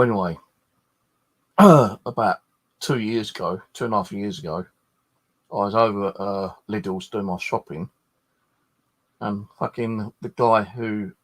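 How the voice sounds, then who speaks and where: Tired, rambling man, low voice. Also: a little slow, long pauses. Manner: swears freely, meandering with many restarts. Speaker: ghost hunter chatting with livestream viewers. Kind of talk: rambling casual chat.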